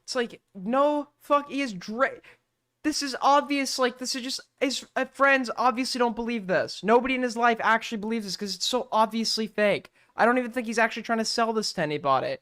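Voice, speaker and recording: A man's voice: very high-pitched, fairly quick, a bit bright. A man streaming and reacting to a video with rambling, profane and mocking commentary.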